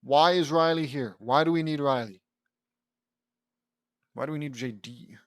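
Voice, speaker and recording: A man's voice: on the high side, a little slow, no echo. A man reading his own fan fiction aloud and breaking off for digressive, dismissive commentary.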